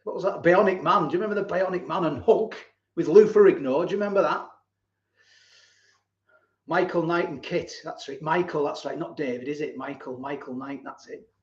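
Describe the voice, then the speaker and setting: A man's voice: a little high, brisk. A man, hosting a casual live stream, reading out viewer comments and laughing often as he reminisces. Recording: roomy, slightly dull live-stream audio.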